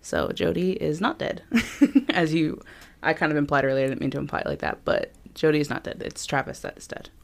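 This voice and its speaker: This co-host has a deep voice with vocal fry and talks fairly quickly. She chats her way through a true crime story from her notes, dropping plenty of ums.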